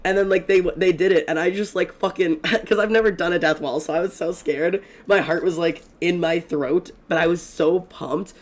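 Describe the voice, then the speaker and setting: Excitable, profane young streamer guy. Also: high-pitched. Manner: excitable and profane, fast rambling storytelling with many fillers. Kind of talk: casual gaming stream chat.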